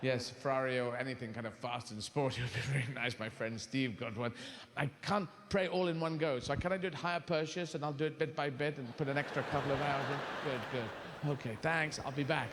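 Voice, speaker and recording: A man putting on a mock-pious praying man during stand-up comedy, pleading in a lower, earnest tone on a live stage. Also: steady tone, fairly quick, a bit bright, lightly acted. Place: theater stage, live audience.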